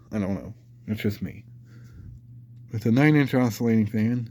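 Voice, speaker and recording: A fan collector, congested and nasal from a cold, reviews a vintage electric fan in a casual show-and-tell vlog, showing it off and testing it. His lowish, darkish voice moves at a moderate pace with long pauses. He rambles easily, thinking aloud with fillers.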